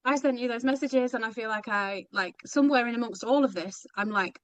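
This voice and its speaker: An exhausted British woman sharing in a group coaching call, halting, rambling and self-deprecating. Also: fairly high pitch, no room sound, dull audio. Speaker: mentorship member.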